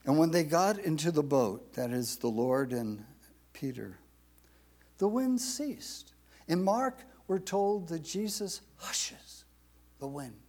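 A man's voice: fairly high pitch, expressive, takes it slowly, a little mellow. A man preaching a sermon, reading scripture aloud and repeating phrases for emphasis. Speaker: pastor.

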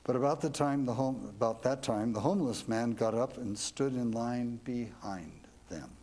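A man's voice: mid-range voice, normal speed, dark tone, breathy edge. A man telling a devotional story as a sermon, earnest and reflective, ending with questions to his listeners. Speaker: preacher.

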